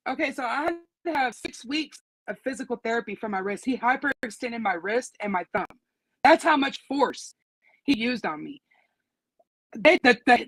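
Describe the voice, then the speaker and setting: A woman's voice: a little high, a bit bright, dry recording, rough recording. A woman with a teenage daughter, telling what happened to her in casual, profane, indignant storytelling. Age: adult with teenage daughter. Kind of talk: casual conversation.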